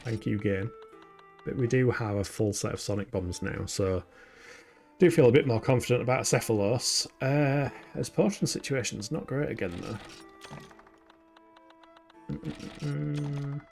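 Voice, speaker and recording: Lad streaming, gravelly voice, mumbles menu stuff, bit of music behind. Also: male voice, medium pitch, moderate pace, a little mellow. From Yorkshire, England. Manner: chatty, self-mocking, mutters to himself while playing. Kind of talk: casual gameplay stream chat.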